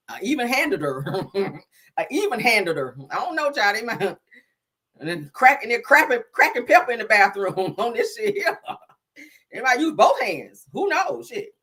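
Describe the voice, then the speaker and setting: Animated, profane woman live-stream host. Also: fairly high pitch, husky. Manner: profane, animated, frequent laughter. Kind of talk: casual gossip commentary.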